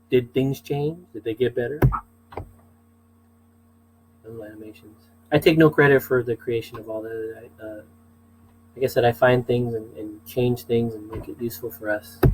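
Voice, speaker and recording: A man's voice: mid-range voice, slight background noise, rough recording. Chatty male teacher lecturing. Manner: chatty, asides and fillers, checks in with "okay?". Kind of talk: casual classroom lecture.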